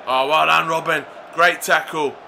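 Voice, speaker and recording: A young man commentating live over a video game, chatting to viewers and shouting when play gets exciting. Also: fairly high pitch, measured pace, vocal fry, slight background noise. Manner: chatty, addresses viewers as lads. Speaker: gaming YouTuber.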